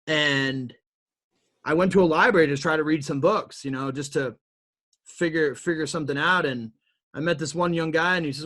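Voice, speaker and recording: Bright, high-voiced man telling his story. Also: a little fast. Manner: animated, builds to emphatic peaks; repeats words and restarts often. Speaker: guest entrepreneur. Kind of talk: motivational interview storytelling.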